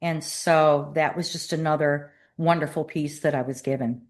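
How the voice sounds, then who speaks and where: A woman guest and author speaking in a measured, thoughtful way in an interview. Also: low-pitched, fairly even intonation. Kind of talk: reflective interview talk.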